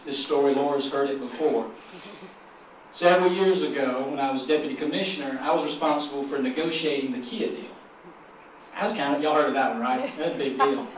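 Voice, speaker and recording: At a large conference, the keynote speaker is a chamber of commerce president with a mid-range voice and a Southern US drawl. He jokes in a folksy way with the local officials and invites call and response. He's captured from a distance in the echoing hall, with a bit of background noise.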